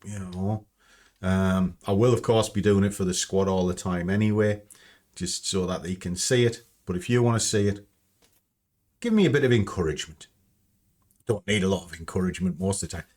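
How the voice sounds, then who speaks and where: A man's voice: low-pitched, moderate pace, a little mellow. Chatty blunt man at home. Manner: chatty, blunt, swears freely. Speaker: trading channel host. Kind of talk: casual screen-share walkthrough.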